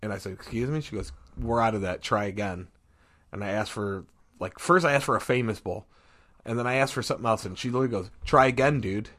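A man's voice: lowish voice, quick pace, fairly bright tone. Rambling Ohio man telling stories. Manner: rambling storyteller, acts out quotes in voices; laughs often while telling stories. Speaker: podcast co-host. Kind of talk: casual chat.

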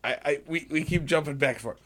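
Young male podcast co-host, fairly high voice, cursing, rambling, keeps interrupting himself. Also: quick pace, fairly bright tone. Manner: swears a lot, interrupts himself. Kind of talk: casual podcast chat.

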